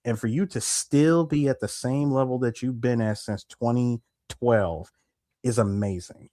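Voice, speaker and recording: Animated man with a dry close sound. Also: medium pitch, measured pace, no echo. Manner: animated, emphatic, laughs often, restarts mid-sentence. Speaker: podcast co-host. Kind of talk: casual chat.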